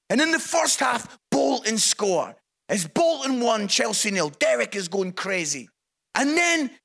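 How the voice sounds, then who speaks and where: Very high-pitched, bright Scottish preacher. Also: male voice. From Scotland. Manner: chatty, self-mocking, builds to punchlines. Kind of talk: humorous storytelling sermon.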